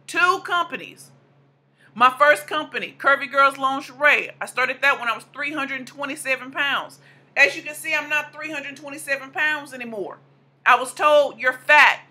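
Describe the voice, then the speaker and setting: Motivational speaker, woman in her thirties, high and sharply bright voice, emphatic and repetitive. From American South / Midwest. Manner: emphatic, repeating lines for punch. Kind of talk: motivational speech.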